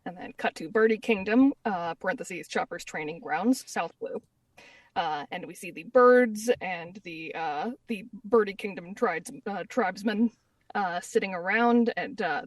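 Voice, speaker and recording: A woman guest on a podcast, recapping a manga chapter casually and haltingly, with many fillers. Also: medium pitch, dry recording, recorded from a distance.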